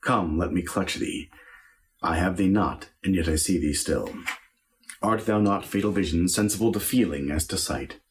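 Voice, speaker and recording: A man performing Macbeth as a guilt-haunted nobleman, delivering Shakespeare verse slowly and carefully. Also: low-pitched, a little hiss or hum, close to an everyday voice.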